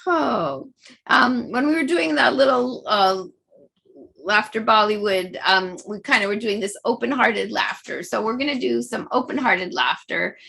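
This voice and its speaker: A woman's voice: a little high, unhurried, vocal fry, pushed and bright, breathy edge. A middle-aged woman leading a laughter yoga class, cheerful and full of laughter and chanting. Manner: bubbly, frequent laughter and chanting. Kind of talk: guided group exercise over video.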